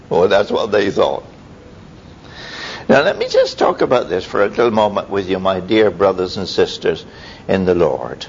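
A man preaching a sermon, telling stories in a lively way with sudden high exclamations. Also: moderate pace, creaky. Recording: dull lo-fi recording with faint rumble.

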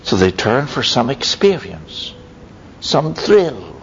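A man preaching a sermon, telling stories in a lively way with sudden high exclamations. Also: slow. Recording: dull lo-fi recording with faint rumble.

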